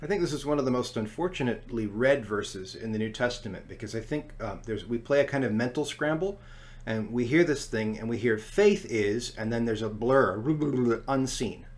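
A man preaching a sermon in a relaxed, conversational way, with asides and filler words. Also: mid-range voice, fairly quick. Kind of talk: sermon teaching on scripture. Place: lives in Scotland.

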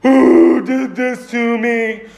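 A man voicing a blinded one-eyed giant, wailing slow and loud. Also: very high voice, fairly even intonation, creaky, pitched above the performer's own voice, heavily acted. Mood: anguished wailing. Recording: roomy echo.

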